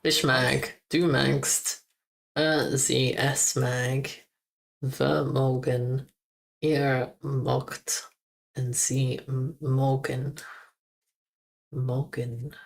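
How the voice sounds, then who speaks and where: A streamer practising German pronunciation on a live stream, slowly repeating words over and over with chuckles and the odd mild swear. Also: mid-range voice, vocal fry.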